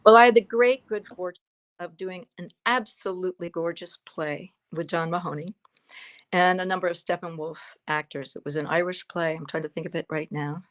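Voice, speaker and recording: Older woman, 70s, lowish voice, fond reflective storyteller, interview guest. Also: normal speed. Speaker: guest actress. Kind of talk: interview answers over a livestream.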